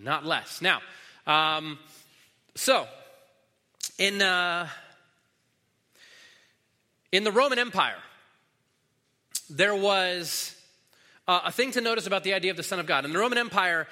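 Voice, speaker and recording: Male pastor, casual sermon delivery with fillers, slightly high voice, long hall echo. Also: lively intonation, unhurried, pauses often, pushed and bright. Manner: casual teaching with many fillers and restarts.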